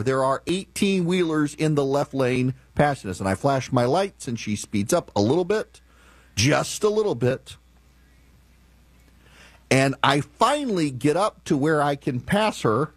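A man telling a driving story and ranting in an animated, opinionated monologue. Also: medium pitch, no echo.

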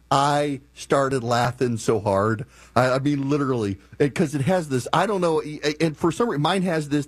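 A man telling a driving story and ranting in an animated, opinionated monologue. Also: mid-range voice, dry recording.

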